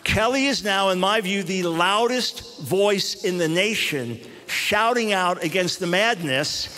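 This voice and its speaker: A man, a Christian radio host, telling a story in an animated public talk, often restarting his phrases. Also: high-pitched, unhurried, big-room sound, a little hiss or hum.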